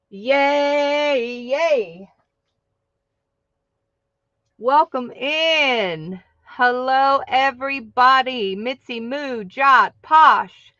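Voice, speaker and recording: A high-voiced woman greets her livestream viewers in a bubbly, playful way. She talks slowly, and her voice sounds dry and slightly muffled. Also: fairly bright tone, no echo. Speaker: livestream host.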